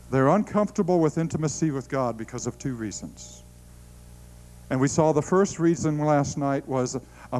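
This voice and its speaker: A middle-aged man preaching a sermon, telling stories with animated delivery, laughing and stammering through restarts. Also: mid-range voice, rough recording.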